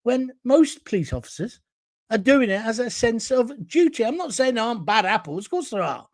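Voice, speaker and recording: A middle-aged man hosts a solo talk show, delivering a blunt, indignant monologue. His voice sits high for a man and swings widely in pitch. The sound is dry and close, with little room around it. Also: big pitch swings, fairly quick, no echo.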